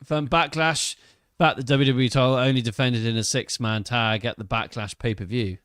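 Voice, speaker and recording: Smooth man hosting, dry sound. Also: medium pitch, normal speed, no echo. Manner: relaxed, steering the show. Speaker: podcast host. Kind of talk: casual chat.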